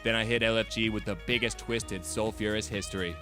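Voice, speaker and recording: A man's voice: fairly low pitch, steady tone, quick pace, over music. A man in his late twenties giving a wry, sarcastic scripted narration as a video host. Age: late 20s.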